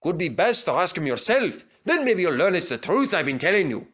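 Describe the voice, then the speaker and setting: Proud, touchy male engine, brisk and bright, put on by a man. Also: high-pitched, very animated, voice pushed up, full character voice. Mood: gruff.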